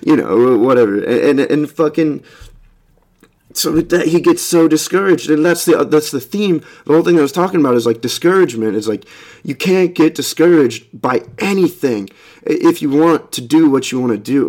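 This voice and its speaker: A young man casually retelling a film's plot, rambling and swearing, with lots of fillers and restarts, acting out the characters' lines and humming drum beats. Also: mid-range voice. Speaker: film commentator.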